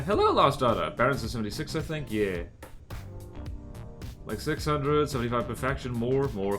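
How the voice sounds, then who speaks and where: This live streamer talks casually while he plays, his voice at a typical mid pitch. He drifts from thought to thought with jokey self-mockery, and gentle guitar music is faintly audible in the background.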